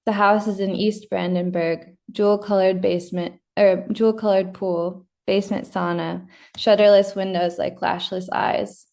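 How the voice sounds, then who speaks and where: A woman giving a measured, deliberate reading of her own first-person literary fiction. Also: mid-range voice, steady tone, creaky, a little mellow. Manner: measured, deliberate reading with occasional slips and restarts. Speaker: prize-winning fiction writer reading her story.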